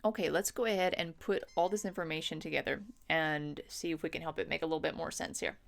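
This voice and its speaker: A woman music teacher explains time signatures step by step. She counts beats aloud in a patient, even way and checks in with the listener. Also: sits low, fast, gravelly. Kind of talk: instructional lesson.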